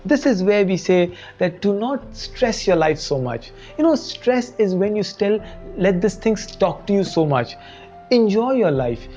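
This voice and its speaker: Lively Indian English woman teaching. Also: mid-range voice, a little slow, muffled recording, soft background music. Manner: animated, asks the audience rhetorical questions. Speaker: education show presenter. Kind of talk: motivational lesson to the camera.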